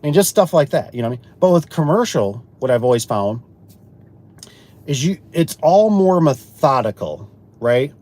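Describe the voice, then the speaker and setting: A man's voice: fairly high pitch, normal speed. A man who installs garage doors, chatting casually about jobs and acting out what customers and co-workers said, often repeating words as he restarts a sentence. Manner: animated, acts out quoted customers and himself. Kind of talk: casual storytelling chat.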